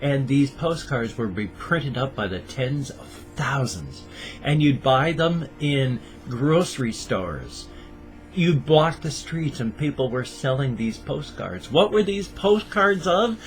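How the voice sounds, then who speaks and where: An older American man talking in a casual daily vlog, earnest and halting, breaking down in tears and apologizing. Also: mid-range voice, lively intonation, soft background music. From United States. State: crying. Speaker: vlogger.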